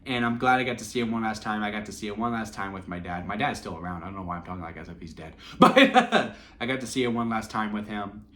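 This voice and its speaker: A man in his twenties telling wrestling memories in a casual, sentimental vlog, excitable and full of fillers and restarts. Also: lowish voice, quick pace, hardly any pauses. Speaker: wrestling vlogger. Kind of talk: casual rambling storytelling.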